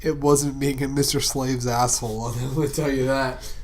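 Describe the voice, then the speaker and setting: A young man co-hosting a podcast in casual chat, excitable and teasing, swearing freely and jumping between loud and quiet. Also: mid-range voice, moderate pace, slight background noise. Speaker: podcast co-host.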